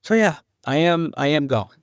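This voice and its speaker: A man's voice: on the high side, animated, clean tone, no room sound. Sad guy rambling through a podcast update, stops and starts a lot, dry close sound. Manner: halting, rambling, grieving. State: grieving. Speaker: podcast host.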